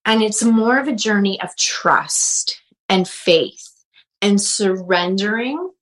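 A woman who works as a medium and animal communicator, telling a story in a casual interview and acting out the quotes with big jumps in pitch. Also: rough recording.

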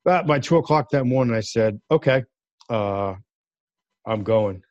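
A man guesting on a talk show, telling a story in a lively way and acting out the voices of the people in it. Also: medium pitch, a little slow, dry recording. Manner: animated, acts out quoted voices. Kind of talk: casual storytelling. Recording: dull lo-fi dry sound.

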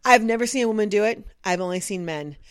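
A woman co-hosting a drive-time radio show, telling funny stories in animated, casual chat and breaking into voices. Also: medium pitch, quick pace, clear, resonant tone, no echo, studio quality. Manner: animated storyteller, jumps into character voices.

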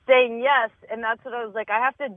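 A woman's voice: fairly high pitch, fairly even intonation, a little fast, no room sound. A woman stand-up comedian chatting as a guest, candid and swearing casually as she acts out her own thoughts. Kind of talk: casual podcast chat. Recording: dry, tinny phone-like sound.

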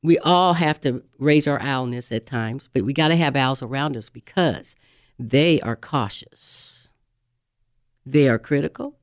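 A woman leadership coach talking as a guest, animated and full of examples. Her voice sits a little low for a woman. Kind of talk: conversational talk show explanation.

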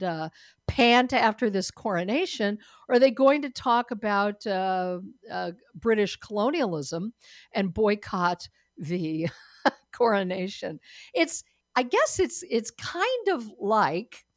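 A woman's voice: mid-range voice, no echo. Lady doing opinion talk, snarky, mid voice, dry close sound. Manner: sardonic, opinionated, laughs at her own jokes. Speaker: talk show host. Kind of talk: opinion commentary.

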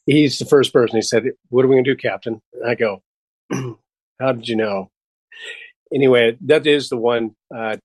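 Male host, husky, dry close sound, halting delivery with excited bursts. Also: fairly low pitch, no echo, low-quality recording. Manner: halting, many restarts and fillers, bursts of enthusiasm. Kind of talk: casual spiritual chat.

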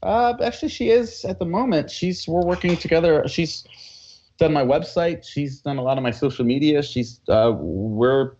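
A man who works as a coach, chatting as a guest in a relaxed, easygoing way with frequent fillers and laughs. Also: fairly high pitch, moderate pace, highs cut off. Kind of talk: casual interview chat.

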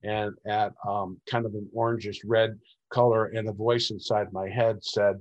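A man's voice: on the low side, level tone, moderate pace, dull audio. A man as an interview guest, recounting personal experiences in a rambling way and acting out the dialogue he quotes.

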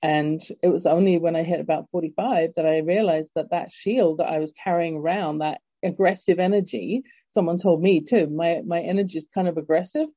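A woman's voice: fairly low pitch, fairly quick, hardly any pauses, warm tone, no echo. A middle-aged English woman hosting an interview, telling a personal story in a reflective way. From England. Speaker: host. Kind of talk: interview conversation. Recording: dull lo-fi dry sound.

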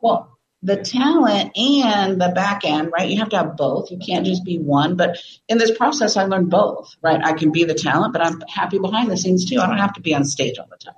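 Animated middle-aged woman, echoey room. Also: lowish voice, fairly quick, lo-fi sound. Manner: animated, laughs often, acts out quotes. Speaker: guest, business coach. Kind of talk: emotional storytelling interview.

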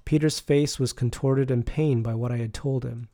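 A man reading a novel aloud in the first person, calm and measured, with a soft teaching manner. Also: medium pitch. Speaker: audiobook narrator.

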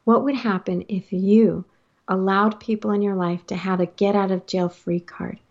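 A woman's voice: medium pitch, fairly even intonation, normal speed, darkish tone, highs cut off. A married woman hosting a motivational talk, advising listeners earnestly and laughing now and then at her own points. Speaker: host.

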